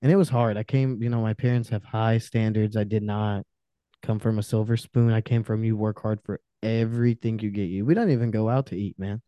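A man's voice: lowish voice, steady tone, brisk, mellow, clean tone, no room sound. A man who is a podcast guest, talking in a casual, heated, emphatic way and swearing often. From Romanian family background. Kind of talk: casual, profane podcast rant.

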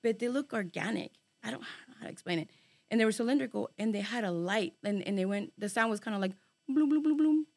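With a mid-range voice, quick pace, and vocal fry, this woman relates a long story from her own life in casual group conversation. Expect swearing, lots of fillers, animated energy, and touches of Spanish slang.

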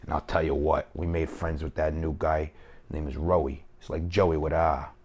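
Guy putting on a bragging new york gangster type, put-on new york accent, low voice, swears a lot. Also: flat delivery, moderate pace, a little mellow, a little hiss or hum. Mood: swaggering. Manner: profane, boastful, rambling. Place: home kitchen.

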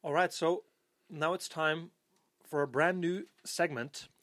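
A man's voice: on the high side, fairly even intonation, slow pace, a bit bright, no echo. A man hosting a podcast, chatting casually in a playful, teasing way. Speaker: podcast host.

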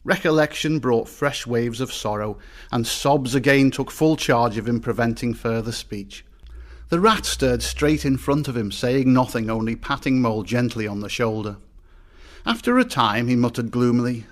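A man giving measured, expressive storybook narration. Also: mid-range voice.

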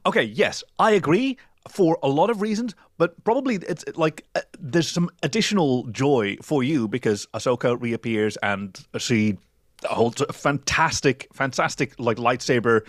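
A man's voice: medium pitch, lively intonation, normal speed, no room sound, clean studio sound. A man co-hosting a casual podcast, joking around and spinning playful tangents. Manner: playful, spins jokey tangents. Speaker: podcast co-host. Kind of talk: casual chat.

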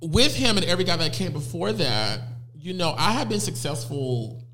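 A man's voice: on the high side, moderate pace. Candid, sassy young man in his twenties. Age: 20s. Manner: candid, sassy, animated storytelling. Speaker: podcast guest. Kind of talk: casual chat.

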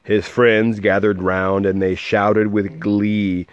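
A man reading a rhyming picture book aloud to a child, with a lively, sing-song delivery and soft asides. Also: lowish voice, takes it slowly, clear, resonant tone, no room sound, highs cut off.

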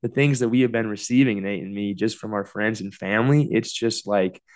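A man co-hosting a faith podcast, talking earnestly and softly, laughing easily, and leading a spoken prayer into a podcast microphone. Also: lowish voice, a little fast. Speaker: podcast co-host. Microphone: new podcast microphone.

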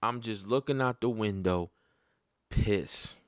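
A man's voice: slow pace, clear, resonant tone, no room sound, clean studio sound. Blunt, profane man telling a story. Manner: profane, blunt, conversational; voice climbs high and loud when worked up. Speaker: father telling a personal story. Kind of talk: casual storytelling to camera.

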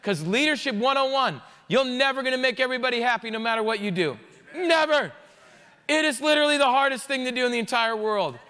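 A man, a pastor, preaching a sermon in a conversational, jokey, animated way. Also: very high-pitched, quick pace, few pauses, clear, resonant tone, long reverb tail.

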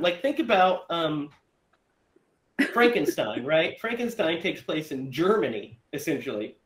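Animated high-voiced man in an echoey room. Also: moderate pace. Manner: animated, laughs often, recaps plots. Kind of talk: casual movie discussion.

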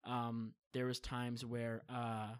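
A young man tells stories from his childhood in relaxed podcast chat. His voice sits at a middle pitch, and he talks in an animated way, jumping into quoted voices and laughing along. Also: slow, clean tone. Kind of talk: casual storytelling chat.

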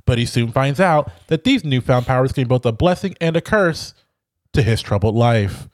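A man's voice: mid-range voice, lively intonation, normal speed, no room sound, close to an everyday voice. A man doing a mock TV newscaster. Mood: mock-serious. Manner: exaggerated newsreader cadence.

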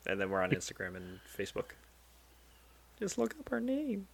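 A man's voice: lowish voice, huge pitch swings, moderate pace, vocal fry, slightly rough, no room sound. A man co-hosting a gaming news podcast in a laid-back, teasing way, sounding sleepy. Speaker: podcast co-host. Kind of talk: casual chat.

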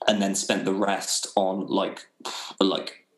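A young man from England talks in a relaxed, rambling way, dropping the odd swear word. His voice sits very low. The room around him rings with echo. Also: slow pace. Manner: laid-back, swears freely, laughs often. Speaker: podcast guest. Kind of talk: casual chat.

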